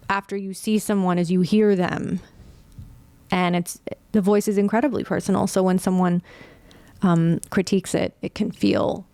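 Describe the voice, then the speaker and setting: Candid woman podcaster, smooth dry voice. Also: medium pitch, dry recording. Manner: candid, animated, swears casually. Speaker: podcast host. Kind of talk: casual monologue podcast.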